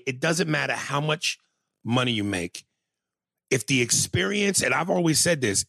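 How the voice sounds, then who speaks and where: A male stand-up comedian telling a story in a casual, profane, animated way, with many restarts. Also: mid-range voice, vocal fry, no echo, studio quality.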